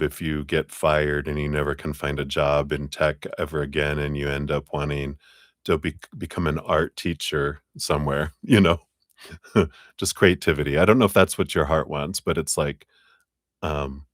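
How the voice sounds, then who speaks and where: Deep-voiced man giving a lively tarot reading. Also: no echo, studio quality. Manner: animated, acts out inner voices in high playful tones, laughs often. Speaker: tarot reader. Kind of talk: live tarot reading, casual advice.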